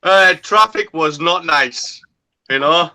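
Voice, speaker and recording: Blunt Middlesbrough man, bright voice. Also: a little high, slow pace. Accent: Middlesbrough English. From Middlesbrough, England. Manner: blunt, sweary, dry banter. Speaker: podcast co-host. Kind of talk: casual chat.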